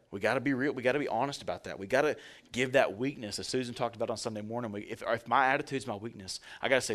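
A male pastor preaching at a middle pitch in a relaxed, conversational manner. He jokes and addresses the congregation directly as he speaks. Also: very fast. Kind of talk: sermon.

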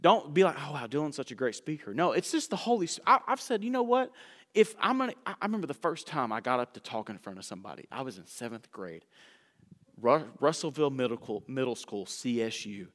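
In a church sanctuary, a man preaches a sermon, calling himself a fast talker yet slowing for emphasis and shifting from loud bursts to hushed asides. His mid-range voice is expressive, and the church hall adds an echoey reverb.

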